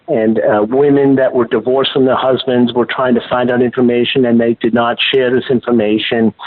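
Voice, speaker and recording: Man talking over a tinny phone line. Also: medium pitch. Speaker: guest, former banker and whistleblower. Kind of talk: interview answers, storytelling.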